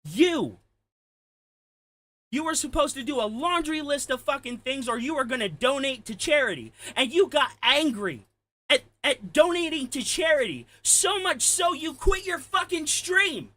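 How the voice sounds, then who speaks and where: A man delivering an angry, profane ranting commentary, heated and shouting at times. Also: extremely high pitch, animated, measured pace. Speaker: commentary streamer.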